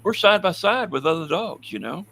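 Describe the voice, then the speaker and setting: A man's voice: high-pitched, very animated, normal speed, creaky, fairly bright tone, a little hiss or hum. A man telling blunt, wry stories in a casual podcast conversation. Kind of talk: casual anecdotal storytelling.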